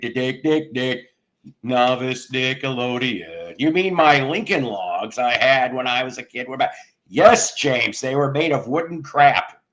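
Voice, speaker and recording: A man's voice: on the high side, a bit bright. Rambling jokey man hosting a stream. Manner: rambling, jokey, crude humor, laughs at own jokes. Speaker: livestream host. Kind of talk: casual chat with live viewers.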